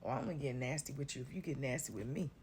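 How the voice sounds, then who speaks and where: Speaking rapid-fire in a very deep, darkish voice, a woman who makes spiritual content delivers a casual talk to viewers against slight background noise. She's sassy and outspoken, swears liberally, and stretches out words like "honey" and "baby."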